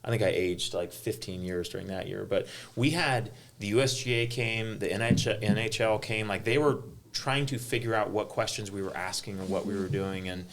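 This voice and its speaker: A middle-aged man, a golf tournament director, telling stories in an animated way on a panel, full of "like" fillers. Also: lowish voice, moderate pace, gravelly, few pauses. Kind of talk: panel conversation, storytelling.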